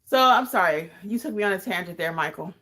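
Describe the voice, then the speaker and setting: A woman's voice: mid-range voice, animated, a little fast, bright, forceful tone. A woman hosting a livestream, chatting with viewers and driving points home by repeating them. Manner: emphatic, repeats points for effect. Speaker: podcast host and notary trainer. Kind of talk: livestream chat answering viewer questions.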